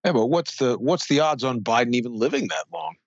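A man's voice: mid-range voice, expressive, a little fast, no room sound, highs cut off. A man co-hosting a political talk show, adding wry quips. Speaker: co-host.

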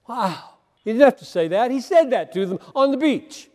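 Impassioned high-voiced male preacher, reverberant hall. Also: animated, moderate pace, darkish tone. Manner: impassioned, emphatic, repeats words for stress. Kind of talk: sermon.

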